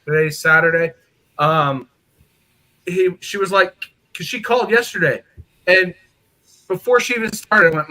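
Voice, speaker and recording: A man's voice: high voice, normal speed, long pauses, pushed and bright, rough recording. A man chatting casually in a group, telling a long, rambling story about family. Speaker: open mic participant.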